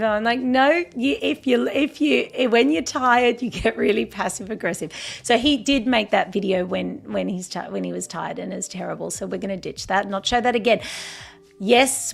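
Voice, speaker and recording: A woman's voice: medium pitch, vocal fry. A woman hosting a livestream in casual, rambling chat, full of fillers and restarts. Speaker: livestream host.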